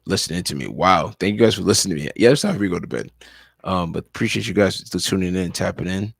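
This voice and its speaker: A tired man talks sports on a casual live stream from home, rambling and repeating himself. His voice sits very low with a gravelly fry and a husky edge. The sound is dry and close. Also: fast, no room sound. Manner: loose, rambling, leans on "you know" and repeats himself. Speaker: sports talk livestream host and high school coach. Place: at home, dog in background.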